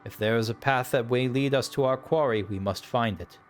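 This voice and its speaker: A man reading a formal young male companion's lines in measured, archaic phrasing. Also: mid-range voice, faint music behind, close to an everyday voice. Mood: earnest.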